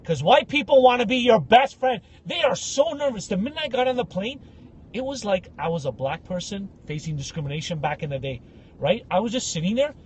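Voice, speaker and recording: A man co-hosting a podcast, telling comic stories in an animated way and acting out other people's voices. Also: sits high, fairly quick, a little hiss or hum. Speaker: podcast co-host. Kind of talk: casual comedic storytelling.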